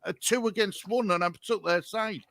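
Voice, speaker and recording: A man's voice: high-pitched, normal speed, fairly bright tone, no room sound. A man, co-hosting a casual live stream, chatty with viewers and flustered by the technology. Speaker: stream co-host.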